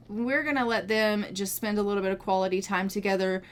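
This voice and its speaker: A young woman casually narrating a life-sim game, chatty and gushing, thinking out loud as she plays. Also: medium pitch, brisk. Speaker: gaming video creator. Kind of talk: casual let's-play commentary.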